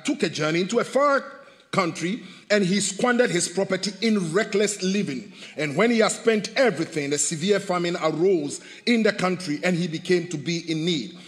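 A man preaching a sermon as pastor, animated, swinging between loud bursts and hushed asides. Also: high-pitched, big-room sound. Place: church hall.

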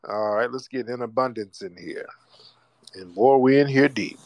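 A man's voice: mid-range voice, normal speed, a little mellow, no echo. An American man hosting a call-in radio show, mocking and trash-talking his callers. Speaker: radio host.

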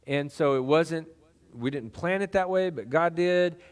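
A man's voice: on the high side, unhurried. A middle-aged male pastor preaching a sermon in a conversational, folksy way, with lots of fillers and restarts.

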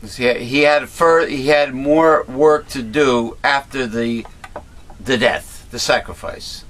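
A man's voice: medium pitch, takes it slowly, a bit bright, slight background noise. A man hosting a heated religious discussion, mostly agreeing and sometimes defensive. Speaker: show host.

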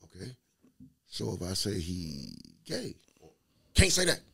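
A man in casual chat, telling lively stories, acting out the quotes and laughing often. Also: sits low, slow pace, vocal fry, slightly rough. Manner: animated storyteller, acts out quotes, laughs often. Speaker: podcast guest telling stories.

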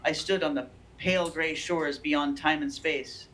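A woman's voice: sits low, steady tone, a little slow, fairly bright tone, slight background noise, rough recording. A woman reading aloud the lines of a frantic, haunted man who is terrified of unseen horrors, voiced close to her own natural voice.

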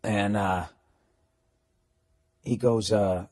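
A man, a comedian, telling a story as a profane, animated rant. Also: fairly low pitch, drawn-out words.

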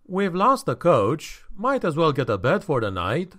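A man's voice: a little high, huge pitch swings, unhurried, fairly bright tone, pitched above the performer's own voice, full character voice. A man voicing a wary young male poet who speaks politely with dry irony. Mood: wry. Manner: polite, dryly ironic.

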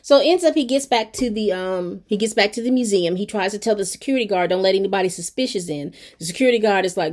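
Here a female TV reviewer walks her viewers through an episode, talking fast in a mid-range voice with hardly any pauses. The telling is casual, expressive and colloquial, full of fillers.

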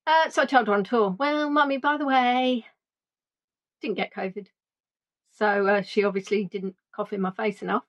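A woman tour guide chatting through a playful, animated reminiscing monologue. She jumps between voices to act out what people said. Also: medium pitch, normal speed, muffled recording. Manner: animated, playful, acts out quotes in funny voices.

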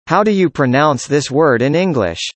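Speaker doing practice conversation lines, plain even delivery, dry close sound. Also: mid-range voice, normal speed, no echo. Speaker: dialogue reader.

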